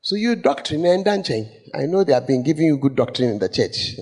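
A man preaching a lively sermon, laughing often and acting out the scripture passages he quotes. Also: fairly high pitch, a little fast, slightly rough. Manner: animated, laughing, acts out quotes. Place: church hall. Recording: echoey church hall.

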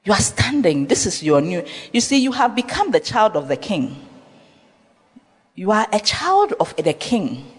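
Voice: medium pitch, very animated, measured pace, breathy edge. Preacher in an echoing hall. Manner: emphatic, repeats phrases, asks rhetorical questions. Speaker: pastor. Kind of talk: sermon. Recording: long reverb of a large hall.

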